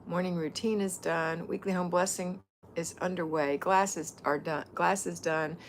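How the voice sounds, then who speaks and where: A woman's voice: lowish voice, steady tone, a little slow, slight background noise. A middle-aged woman hosting a casual livestream, chatting and greeting viewers by name as a home-organizing mentor.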